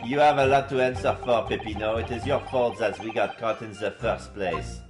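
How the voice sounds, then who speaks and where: A man's voice: on the low side, normal speed, music in the background, lightly acted. A man voicing a smug, slippery Italian con man in a pompous put-on manner.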